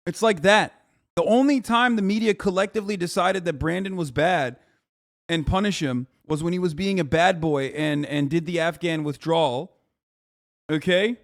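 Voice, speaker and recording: A man's voice: fairly high pitch, normal speed. A man hosting a live stream, reacting to news in a profane, ranting, incredulous way. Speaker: political streamer host. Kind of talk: casual live-stream commentary.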